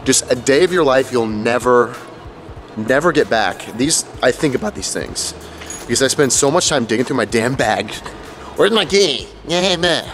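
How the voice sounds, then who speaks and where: A young fitness vlogger with a mid-range voice talks to camera at a moderate pace, rambling and chatty, saying "like" and "um" a lot. It's casual vlog talk, recorded in an echoey room with faint background music.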